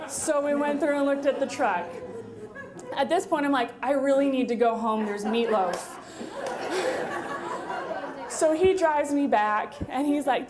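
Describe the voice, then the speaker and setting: A woman in her twenties telling a wry, funny story live on stage at a story slam, with quick asides and laughter. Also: high voice, lively intonation, a crowd in the background. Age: 20s.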